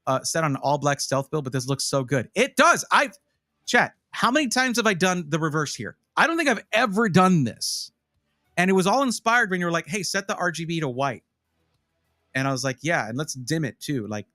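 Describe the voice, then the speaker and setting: Lively, animated male streamer. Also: a little high, no room sound, studio quality. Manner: animated, rambling, talks to chat. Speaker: streamer reviewing gaming PCs. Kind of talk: casual live-stream chat.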